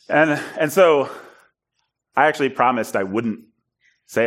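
A man preaching in a storytelling style, animated and self-deprecating, acting out bits of dialogue. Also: a little high, takes it slowly, pauses often. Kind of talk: storytelling sermon.

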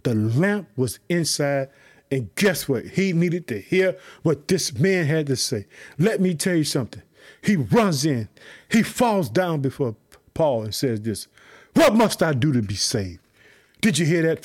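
A man's voice: a little high, slightly rough. A man preaching a fervent sermon, repeating phrases and urging on his listeners. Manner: fervent, repetitive call-and-response preaching.

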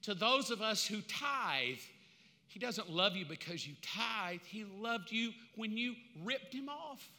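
A middle-aged man preaching a sermon as pastor, impassioned and conversational, with dramatic pauses. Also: high-pitched, sharp tone, long reverb tail. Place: church sanctuary.

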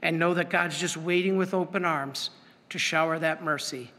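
A man's voice: a little high, steady tone, moderate pace, bright, forceful tone, in a large hall. A man preaching as a priest in an earnest, emphatic sermon, pleading and repeating his point.

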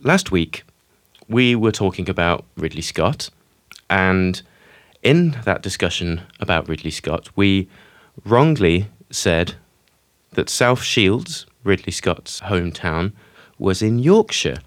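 Wry low-voiced male podcast host. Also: sing-song, slow, dry recording, studio quality. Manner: wry, mock-serious delivery. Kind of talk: casual podcast hosting.

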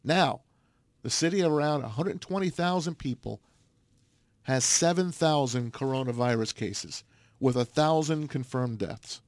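A man co-hosting a casual sports talk show, relaying a news story in an animated way. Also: mid-range voice, unhurried, dry recording. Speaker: co-host. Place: Detroit.

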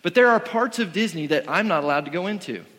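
A man's voice: high-pitched, expressive, fast talker, fairly bright tone. Earnest preaching man in a reverberant hall. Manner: earnest, conversational preaching with frequent restarts. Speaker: pastor. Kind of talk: sermon.

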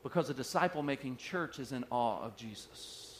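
A man preaching a sermon as pastor, dropping soft and slow at times and then building up loud. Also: medium pitch, animated, slight background noise.

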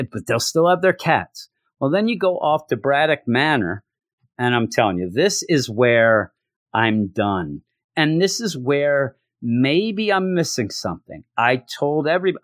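A man casually reviewing a comic, joking and acting out characters' lines in quick voices. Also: mid-range voice, dry recording, clean studio sound. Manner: animated, jokey, acts out characters in quick voices. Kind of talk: casual solo review chat.

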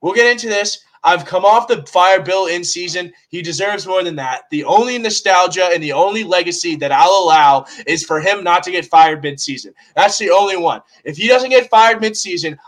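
A man's voice: sits high, moderate pace, few pauses, fairly bright tone, rough recording. A man co-hosting a sports podcast, ranting heatedly with lots of swearing in casual talk.

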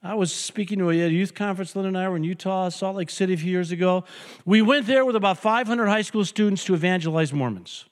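An older man preaching a sermon as pastor, an animated storyteller who jokes and hammers points home with repetition. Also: high voice. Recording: long hall reverb.

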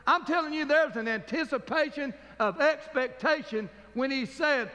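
High-voiced fervent preacher, echoing hall. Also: male voice, normal speed, bright, forceful tone. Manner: fervent preaching with call-and-response amens. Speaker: pastor. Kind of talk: sermon.

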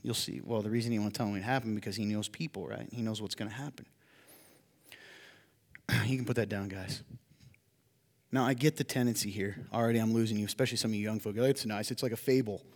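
A man's voice: on the low side, steady tone, fast, pauses often. Emphatic preaching man in a reverberant hall. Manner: swings from hushed storytelling to loud emphatic preaching. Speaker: pastor. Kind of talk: sermon. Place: church hall.

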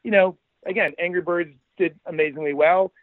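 A man's voice: high voice, moderate pace, no echo, phone-quality sound. A man telling entertainment business stories in a casual podcast chat, acting out quotes as he goes. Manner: animated anecdote teller, acts out quotes. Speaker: guest, entertainment executive.

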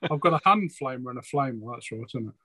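A man's voice: medium pitch, lively intonation, quick pace, sharp tone. A man playing a tabletop game, blunt in his choices and a little unsure of the rules. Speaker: player. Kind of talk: casual tabletop game chat.

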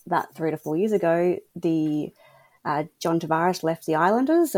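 A woman's voice: on the low side, a little mellow. A woman from New South Wales with an Australian accent, a chatty, self-deprecating guest on a casual podcast who laughs easily.

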